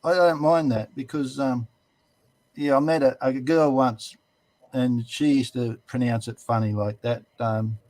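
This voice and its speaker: A man's voice: medium pitch, fairly even intonation, measured pace, a little mellow, no echo. A man with an Australian accent in a casual panel chat, spinning laid-back yarns with easy laughs. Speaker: panel guest.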